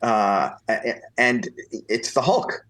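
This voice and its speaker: A man from New Jersey, a podcast guest, telling long stories in an animated way and acting out the people he quotes. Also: mid-range voice, slow. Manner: animated anecdotal storytelling, acts out quoted voices. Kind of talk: storytelling interview.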